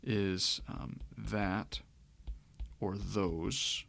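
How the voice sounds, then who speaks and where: A man teaching a lesson on grammar, talking it through in a relaxed way, with pauses and restarts. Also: fairly low pitch, vocal fry. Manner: relaxed, thinking aloud with fillers and restarts. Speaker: Greek teacher. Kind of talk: lecture.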